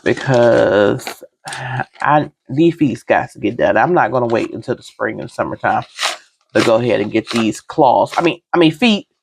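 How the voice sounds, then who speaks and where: A woman's voice: extremely low pitch, expressive, normal speed, vocal fry, slight background noise. A woman budget vlogger chatting casually while counting cash, teasing herself and talking straight to her viewers.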